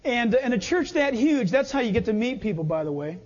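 A high, lively male voice preaching a sermon, swinging his pitch widely as he tells stories and laughs along. The sound is dull and carries a long echo, as in a big church hall. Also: fairly quick. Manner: animated storytelling, often laughing. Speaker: pastor.

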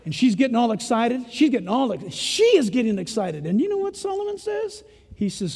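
An older man preaching a sermon in a punchy, folksy way that swings between loud emphasis and hushed asides. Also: extremely high pitch, sing-song, fairly quick, husky. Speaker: pastor. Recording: echoey hall reverb.

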